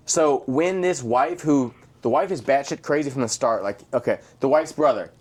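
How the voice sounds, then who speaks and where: A man's voice: mid-range voice, normal speed. A man co-hosting a casual movie review podcast, swearing often and acting out scenes as he retells them. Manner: animated, profane, acts out scenes. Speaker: podcast co-host.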